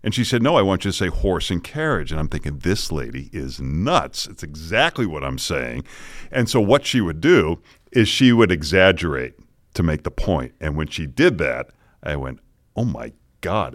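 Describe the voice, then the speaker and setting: A middle-aged man from the Boston area, a news anchor telling lively anecdotes with frequent chuckles in a casual podcast. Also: sits low, normal speed, no echo, clean studio sound. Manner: animated anecdotes, chuckling often.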